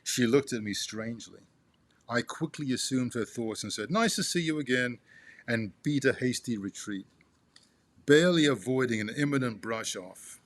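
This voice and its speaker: A man reading a memoir aloud to his father, halting with restarts and turning asides to the listener as "you". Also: medium pitch, no room sound.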